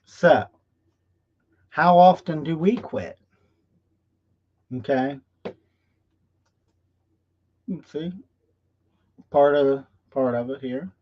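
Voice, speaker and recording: The same live-stream host, with a voice on the high side, draws out his words and pauses often while telling his folksy motivational tale. He keeps asking "okay?", and the livestream audio is dull and lo-fi.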